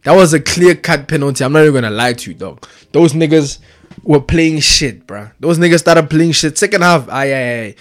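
A young man rants casually about football, excitable and slang-heavy, tagging nearly every phrase with street slang. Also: a little high, moderate pace. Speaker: vlogger.

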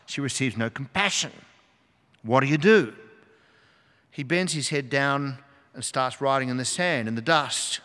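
A man's voice: medium pitch, unhurried, pauses often, bright, forceful tone. An older man preaching a sermon as pastor, telling the story dramatically with sudden emphatic rises. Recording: long hall reverb.

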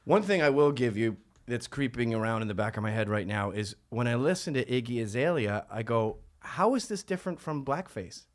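A man's voice: mid-range voice, lively intonation, a little fast, few pauses. A man hosting a heated casual debate, provocative and sarcastic. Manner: provocative, sarcastic, does mocking voices.

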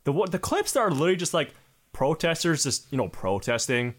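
A young co-host on a podcast talks in a slightly high, very animated, bright voice at a brisk pace. It's casual chat turned rambling rant, loaded with curse words and filler.

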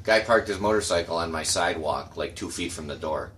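A man's voice: deep voice, a little fast, a bit bright, a little hiss or hum. A man co-hosting a podcast in casual chat, ranting bluntly with lots of swearing. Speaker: podcast co-host.

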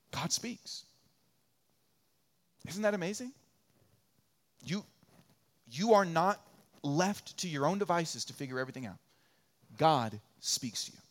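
A man preaching a sermon as pastor, repeating phrases for rhythm and dropping from loud peaks to quiet asides. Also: a little high. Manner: conversational and joking, acts out little quoted voices.

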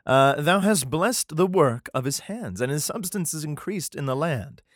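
A man's voice: fairly high pitch, animated, normal speed, dry recording, studio quality, voice pushed up. A man voicing a skeptical male Satan with a put-on Scottish accent, speaking in mocking, archaic scripture phrasing.

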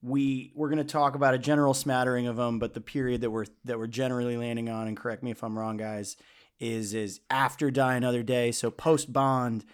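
Male co-host, easygoing and hedging, smooth clean voice. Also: mid-range voice, level tone, a little fast. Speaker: podcast producer and co-host. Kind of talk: casual podcast chat.

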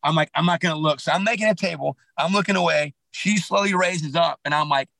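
A man with a bright, forceful voice on a podcast mic tells a long story, rambling and restarting as he goes. His delivery is animated and lively, and his speech sits a little high for a man. The sound is dry and close. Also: fast, creaky, no echo, low-quality recording. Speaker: podcast guest, clothing company founder. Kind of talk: casual storytelling interview.

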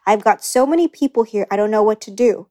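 A woman's voice: mid-range voice, animated, quick pace, mellow, close to an everyday voice. A woman reading the lines of a blunt, frank male business executive in an audiobook, in an everyday voice. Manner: frank, patronizing.

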